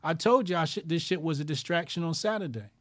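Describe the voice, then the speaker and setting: A man's voice: fairly high pitch, a little fast, fairly bright tone, no room sound. A man hosting his own commentary show, ranting crudely with constant swearing, mocking people and repeating lines for emphasis.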